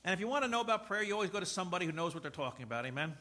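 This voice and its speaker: A high-voiced man preaches a sermon in a church, sharing a personal story and weaving in jokes. His bright, forceful delivery is sing-song and very fast, shifting from loud preaching to a soft, confiding tone and back again. When he gets going, he trips over words and repeats them.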